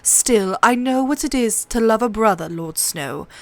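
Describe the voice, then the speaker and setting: A woman reading aloud, voicing a witty, sharp-tongued small nobleman with a dry, wry delivery. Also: fairly high pitch, lively intonation, measured pace, no room sound.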